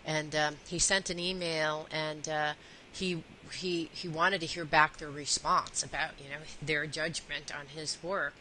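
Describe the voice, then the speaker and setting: A woman's voice: sits low, fairly even intonation, measured pace, sharp tone, slight background noise, poor audio. A woman hosting an interview, telling a personal story in a chatty way with many fillers and restarts. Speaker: interview host. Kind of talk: conversational interview.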